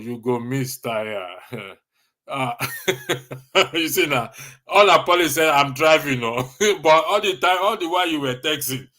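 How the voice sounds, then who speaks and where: Hosting a casual livestream, a man with a Nigerian accent and a medium-pitched voice responds to chat comments. He chuckles often, teasing and animated.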